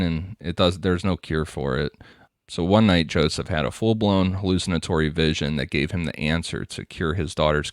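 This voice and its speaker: A deep-voiced man hosting a casual podcast, reading case details in a loose, conversational way and laughing often. His voice is dry and close to the microphone. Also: no echo. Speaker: podcast host. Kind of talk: casual true-crime narration.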